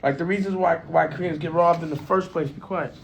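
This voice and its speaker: A man's voice: on the high side, steady tone, brisk, creaky, recorded from a distance. A man in a casual studio conversation, talking in a laid-back, slangy way that trails off and restarts. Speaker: studio owner talking business. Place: studio room. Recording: roomy sound from off-mic, faint noise.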